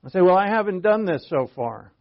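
Man, fifties, sermon, questions to the audience, restarts, somewhat high voice, dull recording. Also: lively intonation, a little fast. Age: 50s. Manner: conversational, rhetorical questions, frequent restarts. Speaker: pastor. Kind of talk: sermon, Bible teaching.

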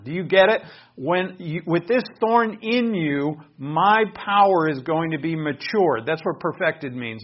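A man preaching a sermon in an earnest, explanatory way, asking his listeners questions. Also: a little high. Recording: dull lo-fi recording.

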